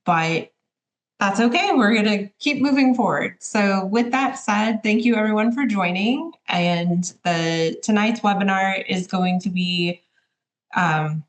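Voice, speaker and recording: A woman moderating a webinar over a video call, introducing the speakers in a casual way with a few fillers. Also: medium pitch. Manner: casual, with fillers and brief apologies.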